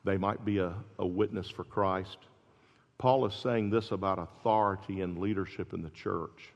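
A man preaching a sermon as pastor, telling stories with rising intensity and quiet drops. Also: low-pitched, moderate pace, gravelly. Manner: animated storytelling, builds to loud peaks then drops soft. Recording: dull lo-fi recording in a large reverberant hall.

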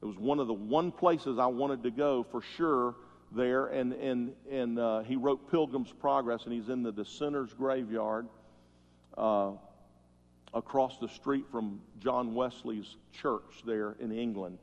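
A man's voice: mid-range voice, steady tone, a little slow. Preaching man in a reverberant hall. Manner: storytelling preacher, swells loud then drops soft. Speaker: pastor. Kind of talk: sermon. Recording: muffled sound with long hall reverb.

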